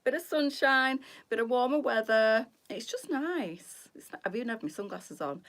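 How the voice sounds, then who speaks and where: A woman's voice: sits high, animated, moderate pace, hardly any pauses. A middle-aged woman, hosting a casual live stream and chatting with her viewers, greeting them by name and rambling freely.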